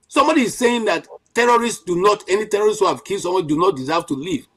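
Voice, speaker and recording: A middle-aged Nigerian man speaks with a fairly high voice and plenty of fire. He argues his point emphatically on a panel, often restarting his sentences and filling gaps with "you know". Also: expressive, fast talker, hardly any pauses, fairly bright tone, slightly rough, low-quality recording. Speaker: panel commentator. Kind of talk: impassioned political commentary.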